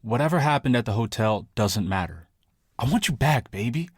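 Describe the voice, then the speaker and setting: A man's voice: mid-range voice, expressive, normal speed, breathy edge, dry recording, clean studio sound. A man playing a pleading boyfriend who wants his girlfriend back, wheedling and apologetic.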